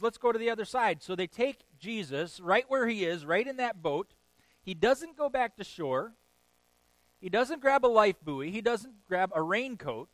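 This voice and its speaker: A man delivers a sermon in a slightly high voice, recorded close and dry with no room sound. He tells the story with animated swings, punching words loudly and chuckling between points. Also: dry recording, poor audio. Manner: animated storytelling with sudden loud bursts and chuckles. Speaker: pastor.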